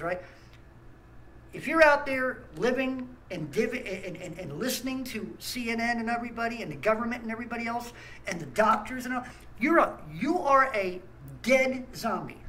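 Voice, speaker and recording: A man's voice: very high voice, expressive, moderate pace, pushed and bright, slight background noise, rough recording. A man, host of a small ministry channel, ranting angrily with blunt talk and stammered restarts. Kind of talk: angry ranting monologue.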